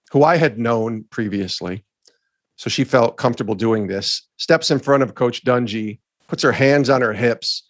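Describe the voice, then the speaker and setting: A man's voice: mid-range voice, dry recording. Earnest man telling a story, dry close sound. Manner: earnest, animated storyteller who acts out quoted people. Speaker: podcast co-host. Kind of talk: storytelling in a conversation.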